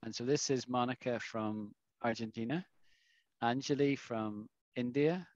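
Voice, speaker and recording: A man's voice: medium pitch, a little slow, darkish tone, no room sound. A man teaching English in a classroom, explaining patiently and often checking understanding with the students. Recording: dull lo-fi dry recording.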